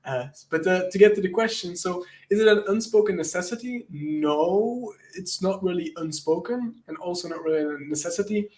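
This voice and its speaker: An enthusiastic man speaks as a guest in a casual interview, his voice a touch high as he rambles and laughs at his own jokes. He sounds like a hacker talking shop with friends. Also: moderate pace, few pauses, a little mellow. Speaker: guest, penetration tester and content creator.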